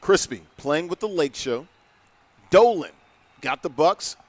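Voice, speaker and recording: A man's voice: on the high side, animated, measured pace. A man giving casual live game commentary, easygoing and joking as he calls the plays. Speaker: esports commentator.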